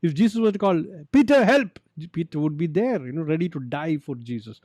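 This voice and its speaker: A man's voice: fairly high pitch, rapid-fire, no echo. A man with a Kerala Indian English accent teaching a Bible lesson to youth, asking rhetorical questions and acting out the story. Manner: animated, asks rhetorical questions and dramatizes the story.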